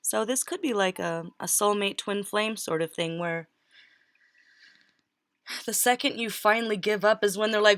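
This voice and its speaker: A woman talks through a tarot spread in a loose, conversational way. She laughs easily and often cuts off a word to start it again. Her voice sits at an ordinary middle pitch for a woman. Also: normal speed, long pauses, a bit bright, no echo. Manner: chatty, laughs easily, breaks off mid-word. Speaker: tarot reader. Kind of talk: casual tarot reading.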